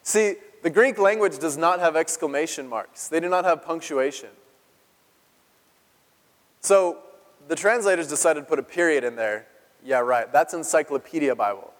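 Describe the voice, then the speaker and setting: A man's voice: a little high, long reverb tail, rough recording. A male pastor giving a playful, conversational sermon in a church, chuckling often and speaking straight to the congregation.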